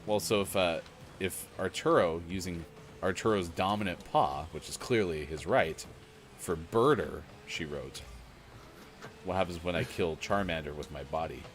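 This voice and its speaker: A man's voice: low-pitched, normal speed. A middle-aged man co-hosting a morning gaming show, rambling casually with lots of fillers and chuckles. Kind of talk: casual chat while gaming.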